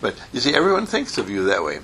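A man teaching a small group in an informal lesson. He talks in an animated way, repeats phrases for effect and chuckles as he goes. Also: mid-range voice, fast, gravelly, slight background noise. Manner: animated, repetitive, chuckling asides.

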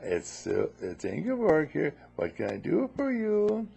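A man putting on the voice of a swooning young woman on the phone, with a breathy, sing-song tone. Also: on the high side, huge pitch swings, measured pace, warm tone, voice pushed up, exaggerated voice.

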